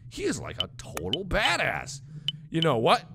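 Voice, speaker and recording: A young man in his twenties commenting on a horror game he plays, excitable, yelping and shouting when scared. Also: fairly high pitch, moderate pace, vocal fry, noisy background. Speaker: gaming video host.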